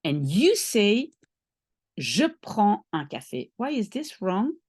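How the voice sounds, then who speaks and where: Woman tutor explaining bit by bit, slow n patient, dry close sound. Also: mid-range voice, very animated, a little mellow, husky, dry recording. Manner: patient, explaining step by step with many checks of okay. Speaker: language teacher. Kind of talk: one-on-one French lesson.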